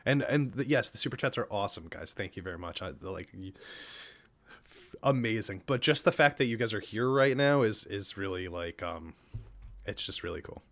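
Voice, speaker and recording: A man's voice: lowish voice, lively intonation, moderate pace, fairly bright tone. A man hosting a casual live stream, talking earnestly and effusively to his viewers and often stumbling over and repeating his words. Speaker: streamer and reaction host.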